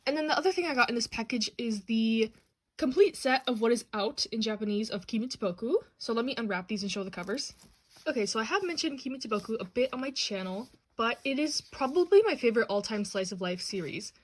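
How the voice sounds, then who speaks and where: A young woman with a slightly high voice hosts a casual unboxing vlog. She talks chattily and bubbles over with excitement, gushing about her favorite items. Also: fast. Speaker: channel host. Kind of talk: manga haul and unboxing vlog.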